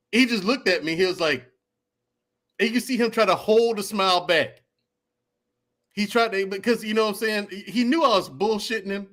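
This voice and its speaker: A man who served in the army, a guest on a casual podcast, telling animated stories and laughing as he goes. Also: high voice, normal speed, long pauses.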